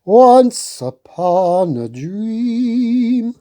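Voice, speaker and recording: A woman voicing a cheerful, confident young prince who speaks calmly. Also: low-pitched, measured pace, husky, exaggerated voice. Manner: calm, easygoing.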